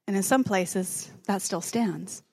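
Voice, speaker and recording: A woman's voice: mid-range voice, takes it slowly, breathy edge. A woman preaching a sermon in a conversational, joking manner, dropping to a whisper at dramatic moments.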